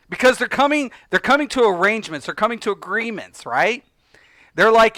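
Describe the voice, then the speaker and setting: A man talks straight into a close desk mic on his livestream, fired up and cursing freely. His voice sits high and swings widely. The sound is bright and dry. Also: very animated, a little fast, no echo. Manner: heated, profane, emphatic; laughs between points. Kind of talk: casual livestream rant.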